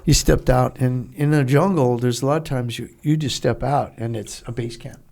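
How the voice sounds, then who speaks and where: A man's voice: mid-range voice, steady tone, normal speed, gravelly, darkish tone. A man in his seventies, a guest on an interview show, telling blunt, profane stories in a casual way and acting out the dialogue as he goes. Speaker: guest, Vietnam veteran.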